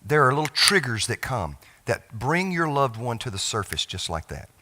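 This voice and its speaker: A middle-aged man, a pastor telling a personal family story in a sermon, with halting restarts and phrases that trail off softly. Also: mid-range voice, very animated. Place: church sanctuary.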